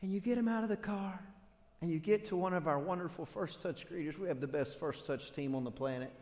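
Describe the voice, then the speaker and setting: A man's voice: a little high, a little fast, a little mellow, big-room sound. A man preaching a sermon as pastor, telling everyday stories with humor and animation. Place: church sanctuary.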